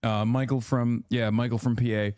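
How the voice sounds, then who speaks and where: A man interviewing a guest, quick and teasing, poking fun at himself. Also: mid-range voice, level tone, darkish tone, dry recording, clean studio sound. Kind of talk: casual interview chat.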